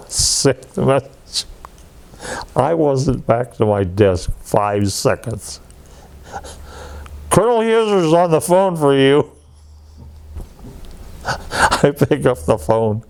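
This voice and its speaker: A man in his eighties telling war stories in an oral history interview, laughing often and acting out what others said. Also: on the low side. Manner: lively anecdotes, laughs often, acts out quoted dialogue. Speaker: veteran interviewee.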